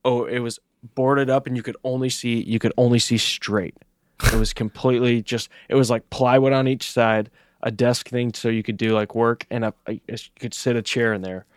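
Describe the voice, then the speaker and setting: A young man co-hosting a casual podcast. He tells a loose, rambling story full of swearing. His voice sits in a middle pitch and sounds dry and close to the mic. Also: fairly even intonation, moderate pace, no room sound. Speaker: podcast co-host.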